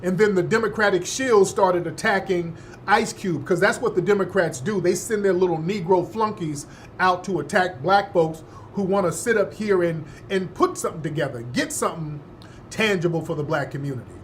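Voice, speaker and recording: A man's voice: sits high, normal speed, a little hiss or hum. A male host giving opinionated political commentary in an emphatic, slangy, scoffing manner.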